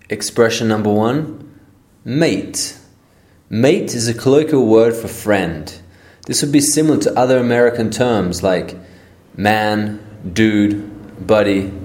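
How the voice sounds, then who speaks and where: A man from Australia with an Australian accent, reading a scripted English lesson aloud and explaining terms in a steady, plain way. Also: lowish voice. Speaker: English teacher.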